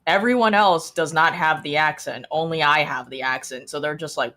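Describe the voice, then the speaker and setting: Low-voiced bilingual woman telling stories. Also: moderate pace. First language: Mandarin and English. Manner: animated storytelling with hesitations. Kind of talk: casual group chat.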